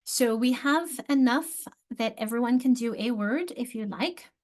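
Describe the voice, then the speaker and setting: A woman's voice: on the high side, normal speed, darkish tone. A woman leading an online teacher training, explaining spelling steps and often correcting herself mid-sentence. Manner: explanatory, self-correcting with frequent restarts.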